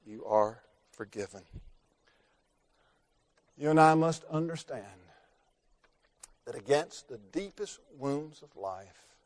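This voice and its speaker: A man preaching a sermon through a story, rising to loud emphasis and dropping to hushed tones, slowing down on key words. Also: on the high side, expressive. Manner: dramatic, swings between loud emphasis and hushed near-whispers, slows for key words.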